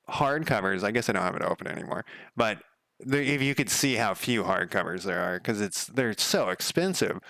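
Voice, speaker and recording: A man with a lowish, creaky voice and a bright, forceful tone live-streams from a home room while coding a game. He chats casually, rambling and swearing, and counts under his breath. There's no echo.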